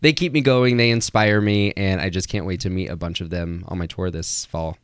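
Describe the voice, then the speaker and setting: A man's voice: deep voice, normal speed, clear, resonant tone, no echo. A young man from Florida, a nurse and comedian, telling stories on a radio morning show and acting out quotes. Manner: animated, acts out quotes in a raised voice. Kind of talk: casual radio interview storytelling.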